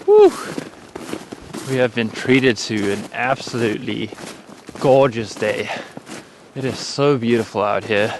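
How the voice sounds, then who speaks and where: A man's voice: on the low side, fairly even intonation, unhurried, background noise. A young man from South Africa giving casual, upbeat winter hiking tips in a vlog, full of "like" fillers. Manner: chatty and upbeat, with many "like" fillers. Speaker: vlogger.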